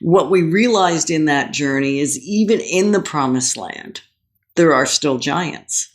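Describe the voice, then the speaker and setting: A woman's voice: sits low, a little slow. A woman co-hosting a casual conversation, speaking in an earnest, encouraging and reflective way. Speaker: podcast co-host.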